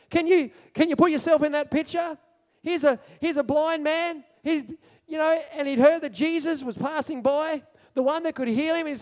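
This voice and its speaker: A male preacher giving a sermon in an animated storytelling manner, asking his congregation questions. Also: extremely high pitch, moderate pace, in a large hall.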